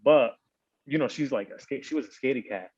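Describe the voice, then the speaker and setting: A man rambling through a casual podcast chat, tipsy and slurring now and then, with a bit of Spanish mixed in. His voice sits at an ordinary pitch. The recording is dry and dull, like a lo-fi mic. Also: fairly quick, a little mellow, breathy edge, dry recording. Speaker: podcast host. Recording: dull lo-fi sound.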